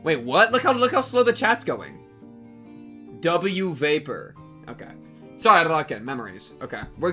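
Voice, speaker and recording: A man streaming a reaction to a game, talking loudly and excitedly and calling everyone bro. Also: on the high side, normal speed, soft background music. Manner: loud, excitable, keeps calling people bro.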